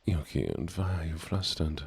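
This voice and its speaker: A man streaming a game in a soft-spoken, half-whispered style, chatting gently with viewers in a put-on German accent. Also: very deep voice, animated, moderate pace, vocal fry, husky.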